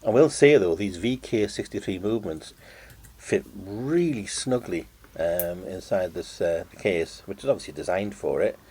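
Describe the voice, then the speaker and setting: A man's voice: sits low, expressive, normal speed, a little mellow, breathy edge. A man casually narrating his own watch-building hobby, chatty and self-deprecating.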